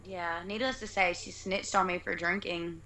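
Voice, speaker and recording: Chatty young woman, bright voice. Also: fairly low pitch, fairly even intonation, normal speed, a little hiss or hum. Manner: chatty, laughing, acts out her own quotes. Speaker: interview guest. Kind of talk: casual storytelling chat.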